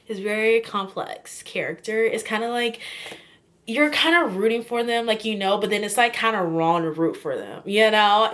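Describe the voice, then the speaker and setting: In a mid-range, fairly bright voice with a faint hiss or hum in the background, a woman vlogs casually about a book she's reading. She rambles, peppers everything with "like" and "kinda," and gushes openly in a chatty way.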